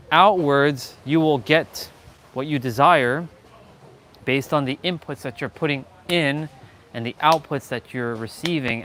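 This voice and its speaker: A man's voice: fairly high pitch, fairly bright tone, a little hiss or hum, low-quality recording. A man hosting a casual motivational livestream on a clip-on mic, talking energetically and repeating himself for emphasis, with casual swearing. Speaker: fitness livestream host. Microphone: small clip-on mic.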